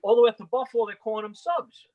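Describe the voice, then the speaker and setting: A man's voice: very high voice, fast talker, muffled recording, a crowd in the background. A man on a livestream panel, chatting in a rambling way and often restarting his sentences. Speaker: panel guest. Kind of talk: casual panel chat.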